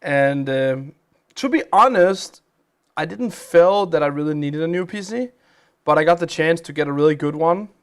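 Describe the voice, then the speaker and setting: A man's voice: a little high, animated, normal speed, clean tone. A man hosting a game live stream, chatting casually as he plays, with a chatty, rambling manner. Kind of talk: casual live-stream chat while playing games.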